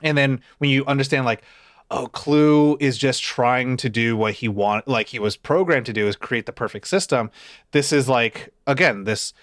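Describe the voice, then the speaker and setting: A man co-hosting a casual movie chat, animated, acting out lines in quoted voices. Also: mid-range voice, moderate pace, dry recording, clean studio sound. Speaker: podcast co-host.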